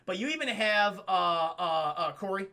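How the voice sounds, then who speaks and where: A man recapping a film on a live stream, excitable and profane, often laughing. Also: high-pitched, normal speed.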